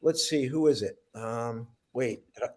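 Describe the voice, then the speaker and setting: A man's voice: mid-range voice, measured pace. A man hosting a video call who introduces guests in an enthusiastic, effusive way, with stumbles and restarts. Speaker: host.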